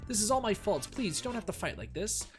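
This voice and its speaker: Man playing a flustered young detective, polite, nervous, animated pitch. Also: quick pace, music in the background. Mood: apologetic.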